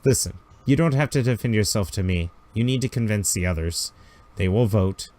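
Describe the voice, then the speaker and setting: A man voicing a gentle, dignified tribal mother in a tabletop game, speaking softly and calmly. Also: close to an everyday voice. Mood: calm tender. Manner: soft, measured, lower and quieter.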